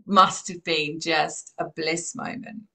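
Husky low-voiced woman podcast host. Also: fairly even intonation, slow pace, bright, forceful tone. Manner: affirming, murmurs often. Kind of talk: casual interview chat.

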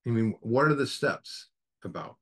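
A man's voice: medium pitch, animated, moderate pace, a bit bright, breathy edge. A man leading a recovery group study, teaching earnestly in a preacher-like way and asking the group rhetorical questions.

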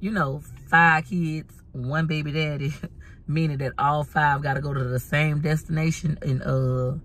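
A woman's voice: deep voice, fairly even intonation, unhurried, a bit bright. A woman vlogging in casual chat from her van, telling stories in a dramatic, chatty way. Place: parked van at a laundromat.

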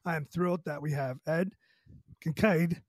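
Excitable, gravelly podcast host man. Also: a little high, normal speed, no echo, studio quality. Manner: loud, excitable and jokey. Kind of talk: hyped podcast intro and chat.

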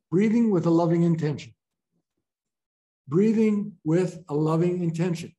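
A man teaching a group about breathwork in a gentle, playful way, often laughing as he talks. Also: sits high, takes it slowly, long pauses. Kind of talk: informal group teaching talk. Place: training room with a group.

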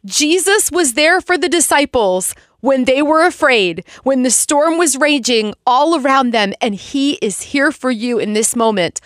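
A woman in her forties hosting a devotional Bible podcast, reading scripture and reflecting in a heartfelt, expressive way. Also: high-pitched, a little slow, hardly any pauses, no echo, studio quality. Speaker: podcast host.

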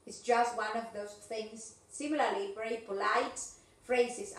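In an online class, a woman teaches English, often checking comprehension with "yes, okay?" Her voice runs on the high side with lively intonation and a measured pace. The room is echoey and the mic sits at a distance.

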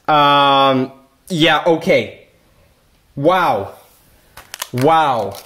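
A man narrating a card-opening session at home in a casual, excitable way, bursting into yelling over big pulls. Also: fairly high pitch, drawn-out words, pauses often. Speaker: card-collecting YouTuber.

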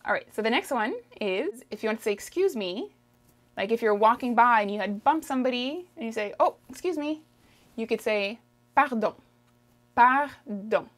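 Slightly high-voiced woman French teacher. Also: lively intonation, fairly bright tone. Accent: Canadian French. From Canada. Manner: slow, drawn-out pronunciation drills, frequent "okay?" checks. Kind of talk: language lesson, modelling phrases for repetition.

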